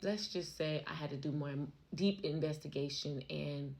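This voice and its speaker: A woman's voice: low voice, normal speed, gravelly, a little mellow. An American woman vlogging, telling a personal story to camera in an emphatic, emotional way and repeating herself for stress. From United States. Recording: noisy background.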